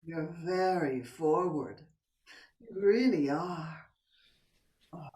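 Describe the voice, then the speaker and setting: A woman with a deep, mellow voice speaks very slowly as a coy married woman playing a seductive game in a stage play. She teases and drops to whispers, recorded from a distance in an echoey room.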